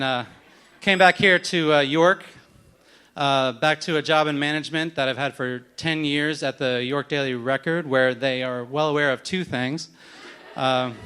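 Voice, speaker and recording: A man in his thirties tells a wry, self-deprecating story on stage, slipping into the voices of the people he met. His voice is bright and forceful, a little higher than most men's, and it stays crisp throughout. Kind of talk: live storytelling. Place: on stage at a live event.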